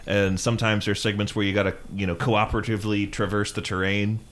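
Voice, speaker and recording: A man's voice: fairly low pitch, flat delivery, quick pace, a bit bright. A man co-hosting a comedy podcast, telling stories and riffing in a laid-back way. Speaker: podcast co-host. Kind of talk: casual comedic chat.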